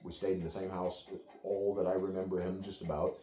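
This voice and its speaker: Deep, mellow-voiced man explaining calmly. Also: a little fast, reverberant. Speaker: dog trainer. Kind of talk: explaining to clients.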